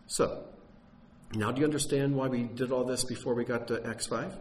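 A middle-aged man preaching a sermon in an earnest teaching tone, restarting phrases and rising in pitch on key points. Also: steady tone, normal speed, darkish tone, slight background noise, low-quality recording.

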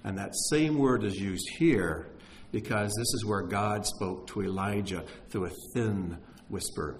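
A man preaching a sermon, telling stories with energy and dropping to a hush for emphasis. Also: on the low side, a little slow, a little hiss or hum, low-quality recording. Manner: animated storyteller, drops to a hush for emphasis.

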